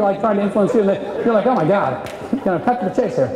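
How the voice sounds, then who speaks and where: A man coaching salespeople at a live seminar, animated and acting out client voices. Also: high voice, fairly quick. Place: seminar room. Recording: echoey hall, voice from a distance.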